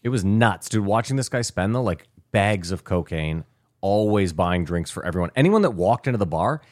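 Low-voiced canadian man telling a story. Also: moderate pace, no room sound, studio quality. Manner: animated, swearing, anecdotal. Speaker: podcast co-host. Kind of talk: casual podcast chat and storytelling.

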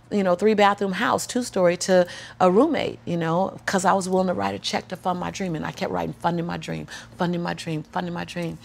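A middle-aged motivational speaker with a lowish voice and vocal fry tells a personal story in an interview, animatedly acting out the people in it. She then moves into preaching, repeating phrases for effect.

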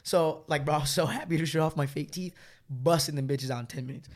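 Fast-talking young man telling a story. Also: on the high side. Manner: rambling slangy storytelling, laughs often. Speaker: storyteller guest. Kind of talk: casual chat.

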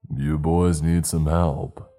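Eerie flat stranger in the dark, done by a man, voice way down low and dark, dragging every word out slow with no feeling at all. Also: faint music behind. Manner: flat monotone, slow and stoic.

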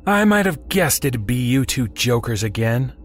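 A man's voice: medium pitch, very animated, normal speed, faint music behind, pitched above the performer's own voice, close to an everyday voice. A man voicing a tough, sarcastic woman criminal who bosses people around with threats in a horror audio story. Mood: sarcastic menacing.

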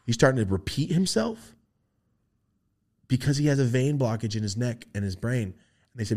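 Animated profane man telling a story. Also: fairly low pitch, normal speed. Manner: animated, profane, acts out voices of relatives. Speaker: podcast host. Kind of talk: casual storytelling.

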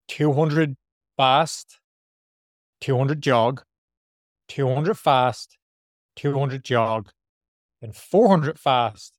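An Irish man talks loosely and rambles, laughing now and then, worn out after a hard run. His voice sits at an ordinary pitch and sounds dry and close to the mic. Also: dry recording. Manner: chatty, rambling, laughs often. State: tired after a workout. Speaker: podcast co-host, marathon runner. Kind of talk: casual chat.

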